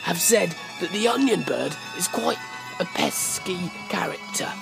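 A man's voice: high-pitched, expressive, unhurried, vocal fry, over music. A young man hosting a comedic mock documentary outdoors, flustered and exasperated, swearing now and then. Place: outdoors in fields and bushes.

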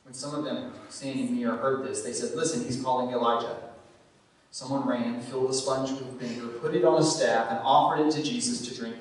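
A man preaching a sermon as pastor, swinging from emphatic, raised bursts down to low, quiet stretches. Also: steady tone, a little fast, few pauses. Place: church sanctuary. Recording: echoey church from far off with faint noise.

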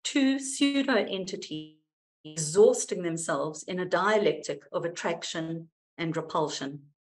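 A woman psychoanalyst reading a prepared paper aloud in a measured, wry, expressive way. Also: on the low side, rough recording.

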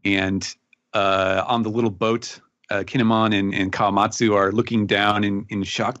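A man on a podcast talking through a recap in a casual, rambling way, pausing often on fillers. His voice is lowish and even. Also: dull audio. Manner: rambling, filler-heavy, hesitant. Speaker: podcast panelist.

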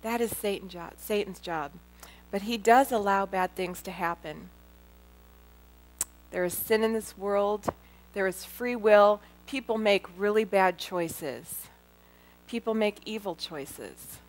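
A middle-aged woman giving a personal testimony talk to a live audience, earnest and heartfelt, speaking directly to her listeners as a Christian speaker. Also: medium pitch.

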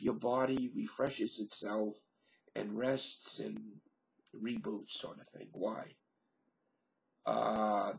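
Solo vlogger, male, unhurried musing delivery, gravelly voice, webcam sound. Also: mid-range voice. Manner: slow, musing, thinks aloud with many pauses and fillers. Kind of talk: rambling solo webcam monologue.

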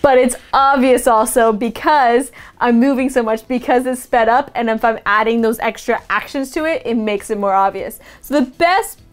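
A woman's voice: a little high, moderate pace, few pauses. A young woman who teaches video production, explaining a phone app step by step in a casual, upbeat tutorial.

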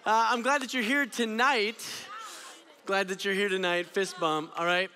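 A young man giving an energetic, storytelling youth sermon. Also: high-pitched, moderate pace, big-room sound. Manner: energetic, storytelling, drops to quiet intensity. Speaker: student ministry speaker. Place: church auditorium.

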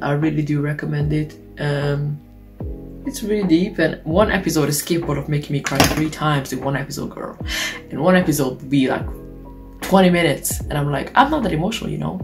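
A young woman, chatting casually and swearing playfully while doing her makeup on camera. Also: low voice. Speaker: beauty vlogger. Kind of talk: casual get-ready-with-me chat. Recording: music playing underneath. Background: background music.

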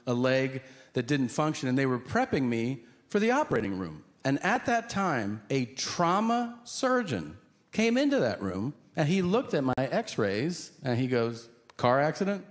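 A man doing stand-up on a comedy stage, telling stories in a wry, self-mocking way with halting fillers. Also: medium pitch, wildly swooping pitch. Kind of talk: stand-up storytelling. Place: comedy stage with live audience. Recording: noisy live stage recording.

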